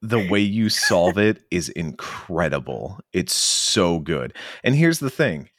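A man talking enthusiastically on a casual game podcast, animated and quick to act out characters. His voice sits very low. The close mic leaves it dry. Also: dry recording.

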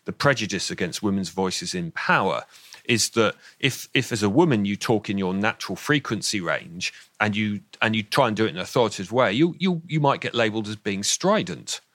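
A man with a southern English accent talks as a radio interview guest, keen to explain and often stumbling over the first words of a sentence. His voice sits fairly low and is recorded close and dry, with no room sound. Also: lively intonation, fairly quick, fairly bright tone, no room sound. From southern England. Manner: enthusiastic, explanatory, repeats words when starting sentences, laughs now and then. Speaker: expert guest on voice and speech. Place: radio studio.

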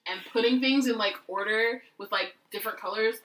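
A woman's voice: a little high, brisk, echoey room, rough recording. A woman co-hosting a casual podcast chat, laughing often and poking fun at herself. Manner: laughing, animated, self-mocking. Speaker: podcast co-host.

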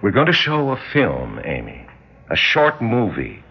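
A man's voice: lowish voice, wildly swooping pitch, a little slow, gravelly, a little hiss or hum, exaggerated voice. A man playing an insistent, probing psychologist in an old radio drama, talking in an intense, persuasive way. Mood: formal. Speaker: doctor and hypnotist. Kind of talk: 1950s radio drama acting. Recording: dull lo-fi old radio recording.

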